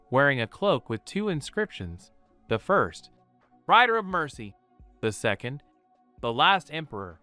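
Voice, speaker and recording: A man reading a fan-written story aloud as a steady storytelling narrator. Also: mid-range voice, dry recording.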